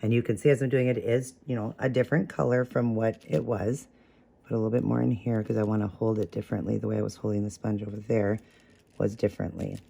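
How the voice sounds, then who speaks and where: A man's voice: on the low side, level tone, fast, vocal fry, warm tone, breathy edge. Man, craft tutorial host; easygoing step-by-step talk, thinks aloud, fixes his own slips. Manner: chatty, talks while working, corrects own slips.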